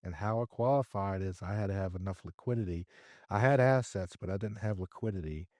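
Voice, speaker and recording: Low mellow-voiced man telling a story. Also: a little fast, no echo, studio quality. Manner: lively storyteller who acts out his own dialogue. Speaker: podcast guest, real estate investor. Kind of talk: conversational storytelling interview.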